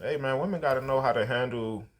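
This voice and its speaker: A man's voice: mid-range voice, fast talker. A man, hosting a podcast and telling a story in casual, slangy, profane talk. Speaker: podcast host.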